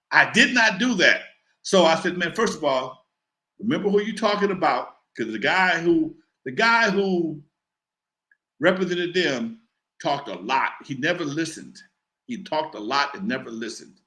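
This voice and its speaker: A man's voice: a little high, animated, normal speed, sharp tone. A man hosting a live show, telling a long story in a casual and profane way and acting out the voices of others.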